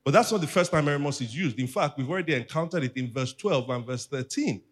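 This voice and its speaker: A pastor delivering a teaching sermon in church, calling on the congregation to repeat after him. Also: male voice, mid-range voice, animated, fast.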